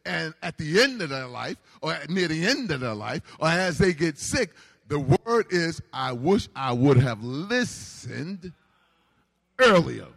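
A man preaching a sermon in a call-and-response style, building to shouts. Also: a little high, sing-song, unhurried, gravelly. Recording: reverberant hall.

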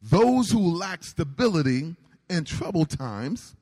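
Man preaching, slow and drawn out, call and response, big hall echo. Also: a little high, lively intonation. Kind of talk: sermon. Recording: reverberant hall.

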